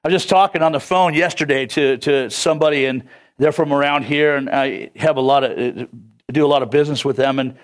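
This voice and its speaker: A man's voice: medium pitch, fairly even intonation, brisk. A man from California with a Californian accent, preaching a casual, conversational sermon and chuckling between his points. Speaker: pastor.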